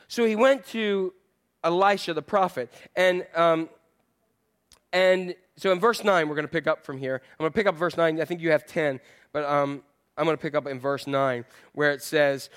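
A male pastor preaching a sermon in a church, animated and playful, repeating phrases to drive a point home. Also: sits high, normal speed.

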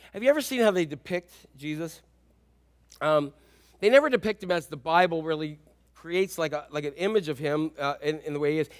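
A male pastor with a high voice delivers an animated sermon. He tells stories, drops to hushed asides and then bursts into shouts. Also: dry recording, studio quality.

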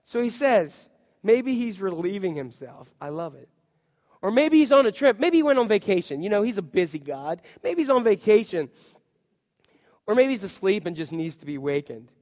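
A man preaching a sermon who tells the story in a humorous, animated way and jokes with the congregation. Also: high voice, normal speed, long reverb tail. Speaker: pastor.

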